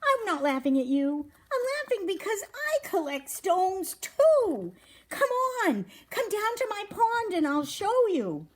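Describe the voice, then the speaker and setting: A woman putting on a squeaky, excitable little male muskrat from a children's storybook. His voice climbs high and swoops all over with eager energy. The tone is soft and breathy, and the pace is unhurried. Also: heavily acted. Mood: delighted. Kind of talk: reading a children's storybook aloud.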